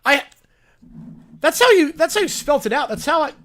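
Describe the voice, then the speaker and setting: A man's voice: extremely high pitch, very animated, normal speed, fairly bright tone. Chatty man hosting a livestream. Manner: loose, chatty, repeats phrases. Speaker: livestream host. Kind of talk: casual livestream chat answering viewers.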